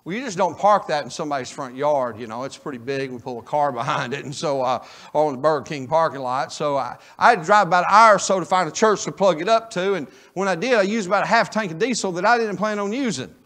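A high-voiced man preaching in a church, spinning a homespun story from the pulpit. He swings from a quiet murmur to loud, excited cries. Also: fast talker. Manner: folksy storyteller, swinging from hushed to shouting. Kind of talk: sermon storytelling. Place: church sanctuary.

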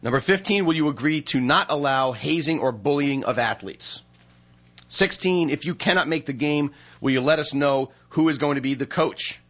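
A man's voice: fairly high pitch, normal speed, a bit bright, highs cut off. A man hosting a radio talk show from a studio, chatting casually and reading down a list of questions.

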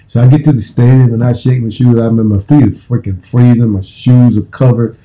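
Man in his fifties, american, former football player, casual profane storytelling, very dark voice. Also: medium pitch, fairly even intonation, brisk, low-quality recording. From United States. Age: 50s. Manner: profane, repetitive, restarting phrases.

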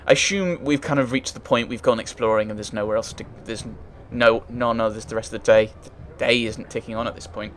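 A man's voice: mid-range voice, steady tone, fairly quick, few pauses, slight background noise. A man playing a story game, reading its text aloud and thinking aloud in casual, hesitant commentary. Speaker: let's play gamer.

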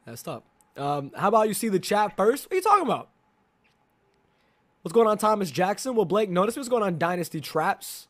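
A young man live-streaming a game, chatting excitedly with his viewers and teammate, greeting people by name in slangy talk. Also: high voice, a little fast. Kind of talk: live gameplay commentary.

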